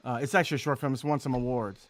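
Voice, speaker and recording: A man's voice: mid-range voice, fairly even intonation, rapid-fire, dry recording. Man, talkative host, mid-range voice, laughs through his stories. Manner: chatty storyteller, laughs often. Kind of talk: casual comedy chat.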